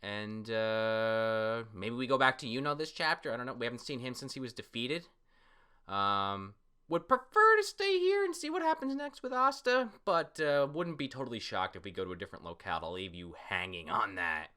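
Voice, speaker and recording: Host type, male, excitable reaction vlogger; animated delivery, clean smooth tone. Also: mid-range voice, normal speed. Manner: excitable, filler-heavy, swears when surprised. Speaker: manga reviewer. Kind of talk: casual reaction and recap.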